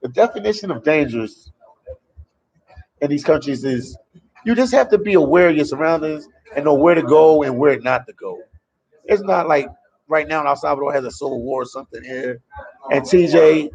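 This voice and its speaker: Brief: man, travel vlogger on a livestream, gravelly and slightly high voice, loose and talkative, dull lo-fi audio. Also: animated, moderate pace, darkish tone. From Memphis, USA. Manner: loose and talkative, reads and answers viewer comments. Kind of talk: casual livestream chat. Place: a café in El Salvador.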